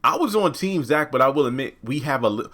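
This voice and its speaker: A man's voice: expressive, fairly quick, fairly bright tone. A man giving a casual review of a TV episode, exasperated, ranting and swearing freely. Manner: jumps into quoted lines with raised pitch. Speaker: TV show reviewer.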